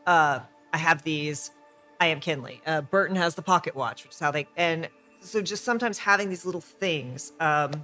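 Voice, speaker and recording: Over soft background music, a podcast co-host talks tabletop role-play in a little-high, pushed and bright voice at normal speed. His chat is casual, eager and meandering, with frequent mid-sentence self-corrections.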